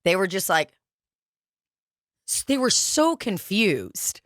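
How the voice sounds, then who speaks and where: A woman co-hosting a podcast, telling a story in a brash, profane and animated way. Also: medium pitch, slow pace, no echo, clean studio sound. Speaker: podcast co-host. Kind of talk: casual chat, storytelling.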